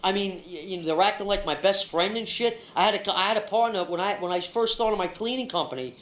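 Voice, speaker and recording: Guy rambling with lots of restarts, high voice, roomy echo. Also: quick pace, a bit bright. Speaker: interviewee and video poster. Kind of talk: agitated storytelling with replayed rant.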